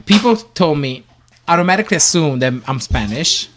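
A man with an Italian accent, co-hosting a casual podcast chat and telling animated stories with lots of laughter. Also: fairly high pitch, normal speed. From Italy. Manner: animated storyteller, acts out callers' voices, laughs often. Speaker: podcast co-host.

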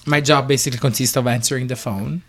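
A man with an Italian accent, co-hosting a casual podcast chat and telling animated stories with lots of laughter. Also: medium pitch, quick pace. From Italy. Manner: animated storyteller, acts out callers' voices, laughs often. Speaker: podcast co-host.

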